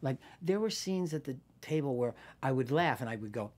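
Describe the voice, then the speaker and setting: Animated older man telling set stories. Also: mid-range voice, a little fast. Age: 60s. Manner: animated storyteller, swears freely, acts out quotes. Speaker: guest actor. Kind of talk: casual interview anecdote.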